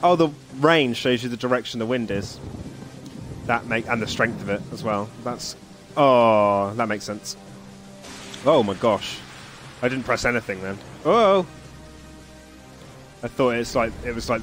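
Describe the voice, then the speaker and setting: A man's voice: medium pitch, normal speed, a bit bright. Man, game streamer, chatty, laughs a lot, reads story text aloud, faint music behind. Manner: chatty, often laughing, with frequent ums. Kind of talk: casual gameplay commentary, reading game text aloud.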